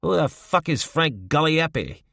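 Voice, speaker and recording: A foul-mouthed young drug dealer, as a male reader puts him on, pitched well above a low narrating voice and full of rough grit. Volatile and aggressive in an audiobook, in a dry, close sound. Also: sing-song, measured pace, fairly bright tone, no echo, heavily acted. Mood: hostile. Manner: profane, aggressive outbursts. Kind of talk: audiobook character voice.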